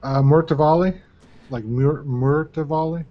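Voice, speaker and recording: A man's voice: mid-range voice, measured pace, muffled recording. A man playing a tabletop game, hesitant and unsure as he tries out names. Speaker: player. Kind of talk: casual table banter.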